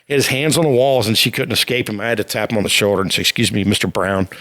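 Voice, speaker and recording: A middle-aged man hosting a podcast, his voice sitting at an ordinary male pitch. He tells stories in a candid, meandering way, often restarting his sentences. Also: rapid-fire, a bit bright. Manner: rambling, frank, with many restarts. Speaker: podcast host.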